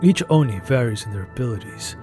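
A man narrating a first-person story in an even, measured way. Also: mid-range voice, music in the background.

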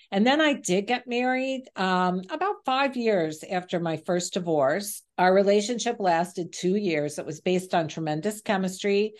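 Earnest middle-aged woman coach. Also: medium pitch. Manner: earnest, open personal storytelling. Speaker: guest dating coach. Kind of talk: podcast interview.

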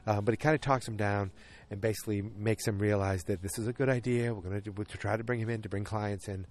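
A man's voice: fairly low pitch, fairly even intonation, fast talker, a little mellow. A man casually recapping a TV episode, rambling and often interrupting himself. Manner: rambling, self-interrupting storyteller.

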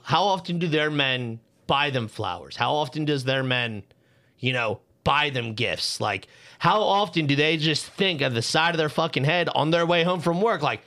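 A man's voice: fairly high pitch, pushed and bright. A man co-hosting a casual podcast, telling a story in a heated, profane rant while worked up and hot under the collar. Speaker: podcast co-host.

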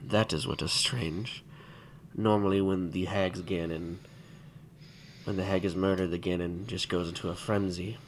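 A man's voice: low voice, steady tone, moderate pace, slight background noise. A man running a tabletop role-playing game as game master, explaining and narrating in a loose, rambling way full of fillers and asides. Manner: rambling, filler-heavy explaining with frequent laughs.

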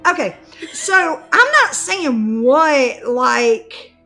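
High-voiced woman telling a story. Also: drawn-out words, soft background music. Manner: animated, laughs through her own story. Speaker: podcast co-host. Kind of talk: casual comic storytelling.

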